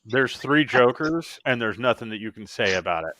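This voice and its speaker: Casual male host, mid-pitched, animated delivery, teasing and argumentative, dry studio feel. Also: moderate pace, no room sound. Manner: playfully argumentative. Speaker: podcast host. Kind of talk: casual chat.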